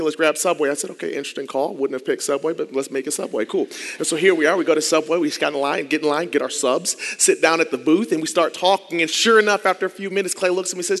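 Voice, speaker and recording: Guy from ohio preaching fast, acting out the dialogue, lots of reverb. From Akron, Ohio. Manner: animated, acts out quoted dialogue with big pitch swings. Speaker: church groups director. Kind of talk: sermon storytelling.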